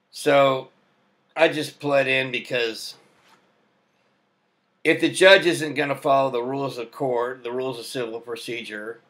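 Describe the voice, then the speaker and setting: A man's voice: medium pitch, fairly bright tone. A young adult man telling a rambling story in a casual vlog, full of fillers and laughs. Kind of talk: rambling personal vlog monologue.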